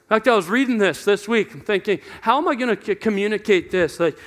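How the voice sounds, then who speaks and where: A man's voice: high-pitched, lively intonation, fast talker. A young adult man preaching a conversational sermon, questioning himself aloud and acting out voices in quotes. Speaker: pastor.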